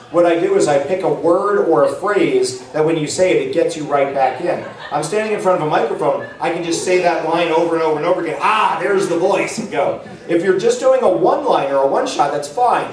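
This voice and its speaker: A man's voice: a little high, a little mellow. A man giving a casual, rambling talk to a live audience at a convention panel, full of fillers and restarts. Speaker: panel presenter. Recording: echoey room, mic far off.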